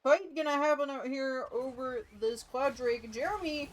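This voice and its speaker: A young woman calls an esports match live with easygoing, drowsy play-by-play, her voice pitched a touch high. She talks slowly and stretches her words. A faint hum of background noise sits under her voice. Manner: sleepy, yawning, casual play-by-play. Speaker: esports caster.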